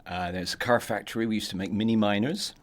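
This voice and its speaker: An English man in his sixties speaks in a notably deep, low register. He talks in a relaxed, measured and articulate way as he answers interview questions. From England. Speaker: actor guest. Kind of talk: casual interview chat.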